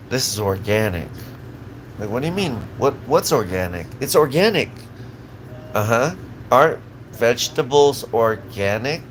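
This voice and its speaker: A man's voice: mid-range voice, slight background noise, rough recording. Profane, rambling man ranting. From Southern California. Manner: profane, agitated, rambling with frequent restarts. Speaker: live streamer. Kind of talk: rambling live-stream rant.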